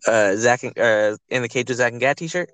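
A man's voice: medium pitch, brisk, a bit bright, clear, resonant tone, dry recording, low-quality recording. Young guy cohosting a podcast, cursing and laughing, dude every line, middle voice, dry close mic. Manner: laughing, swearing, says dude a lot. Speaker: podcast co-host. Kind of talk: casual podcast banter.

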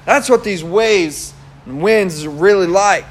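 High-voiced young man preaching casually. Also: measured pace. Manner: conversational, animated storytelling with laughs. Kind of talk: casual sermon.

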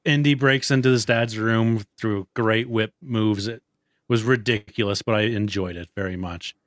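A young man co-hosting a casual movie podcast, animated and quick to act out lines. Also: no echo, clean studio sound. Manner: animated, acts out movie quotes in a high voice. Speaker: podcast co-host.

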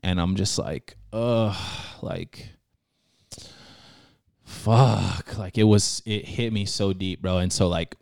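A young man tells a personal story in an easygoing, slangy way, full of fillers and restarts and earnest with feeling. His voice sits very low with a gravelly fry. The sound is dry and close, with no room around it. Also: darkish tone, dry recording. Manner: earnest and emotional when telling the story. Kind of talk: casual storytelling in a podcast chat.

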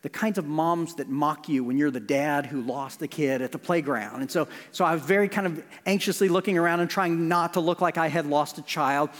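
A middle-aged male pastor preaching a sermon, shifting from loud emphasis to hushed near-whispers. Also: fairly high pitch, brisk, hardly any pauses. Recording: long hall reverb.

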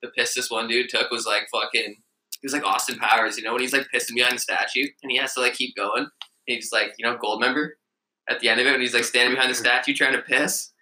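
A man's voice: mid-range voice, steady tone, fast, bright, forceful tone, low-quality recording. A young man telling crude stories in a casual podcast chat, swearing freely. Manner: crude, storytelling, laughing.

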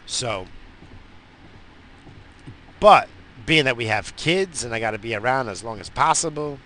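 A man's voice: medium pitch, a little slow, long pauses. A man ranting casually and profanely from inside his car, rambling from one thought to the next. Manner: profane, rambling, animated rants. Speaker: vlogger. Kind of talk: rambling stoned casual chat. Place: in a parked car.

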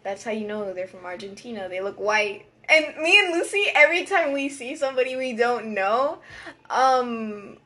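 A woman's voice: on the high side, expressive, normal speed, sharp tone. Chatty teenage girl, rambling. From United States, Uruguayan family. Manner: rambling, filler-heavy, giggly. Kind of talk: casual chat.

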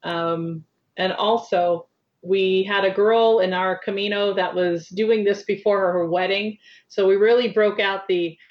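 A woman's voice: medium pitch, fairly even intonation, unhurried. American woman on a muffled call. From United States. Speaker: guest, pilgrim. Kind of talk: casual interview chat.

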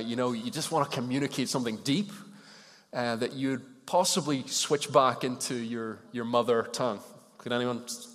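A man delivers a sermon in an easy, conversational style and often turns questions to the people listening. His voice sits at a middle pitch and trails off into the long echo of a large church hall. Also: fairly bright tone. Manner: conversational, asks the congregation questions. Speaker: preacher.

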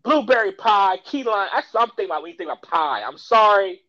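A man from Kentucky, hosting a casual podcast and telling stories in an animated way, laughing often. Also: high-pitched, quick pace, highs cut off. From Kentucky, US South. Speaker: podcast host. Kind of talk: casual chat.

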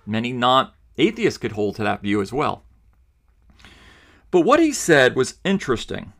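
A man's voice: medium pitch, huge pitch swings, measured pace, vocal fry, fairly bright tone. A man from the New York City suburbs hosting a podcast, giving emphatic, argumentative opinion commentary. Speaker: podcast host.

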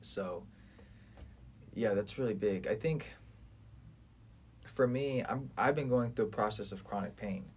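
A man's voice: fairly low pitch, unhurried, pauses often, breathy edge. A man in his twenties talking earnestly and at length in a casual podcast conversation, rambling and swearing freely.

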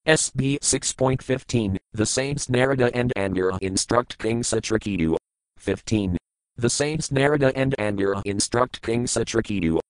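A man reading scripture verses aloud, giving each word's meaning and then the translation in a measured, deliberate recitation. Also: medium pitch, clean tone, dry recording, low-quality recording. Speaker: scripture reader.

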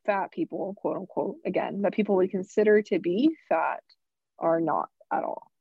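A woman's voice: lowish voice, normal speed, vocal fry, breathy edge, no echo. A woman co-hosting a podcast, chatting casually with sarcastic asides and many "like" fillers. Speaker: podcast co-host. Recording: dull, dry lo-fi sound.

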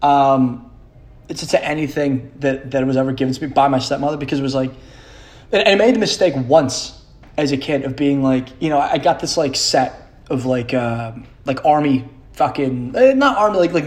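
A man's voice: mid-range voice, moderate pace. A young man hosting a solo podcast, rambling in a profane, self-mocking way and laughing often. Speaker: podcast host.

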